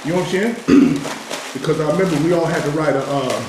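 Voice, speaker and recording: Streetwise storyteller, male, from Oakland, animated, raised voice, very echoey room with faint hiss. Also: on the high side, quick pace. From Oakland, California. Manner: animated, streetwise, heated when retelling confrontations. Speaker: cooking vlogger telling prison stories. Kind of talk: casual storytelling while cooking.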